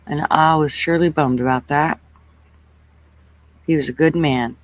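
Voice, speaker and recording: A host chatting casually on a livestream, relaxed and greeting viewers one by one by name. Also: medium pitch, measured pace, no room sound, rough recording.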